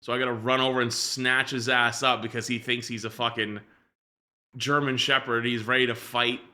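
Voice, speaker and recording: Casting: male streamer, bright forceful tone, rambling casual chat, casual swearing. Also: medium pitch, flat delivery, normal speed.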